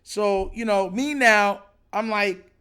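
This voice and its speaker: Give me a male podcast host with a high voice, recapping a story in an animated, excited way. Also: takes it slowly, clear, resonant tone. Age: adult. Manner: animated, retells others' lines with raised excited voice.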